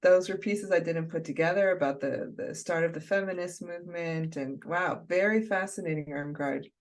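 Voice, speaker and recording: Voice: mid-range voice, normal speed. A host thanking a participant and introducing the next speaker in an online reading discussion, with enthusiastic praise.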